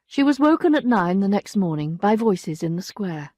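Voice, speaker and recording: Woman narrator, storybook reading, clear, measured, expressive, dry close sound. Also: medium pitch, dry recording. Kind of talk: scripted storybook narration for learners.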